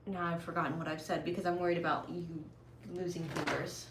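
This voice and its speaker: A woman's voice: on the low side, little pitch movement, fast. Woman chatting live, reads out comments, echoey room w a faint hum behind. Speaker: co-host. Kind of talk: casual livestream chat. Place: at home.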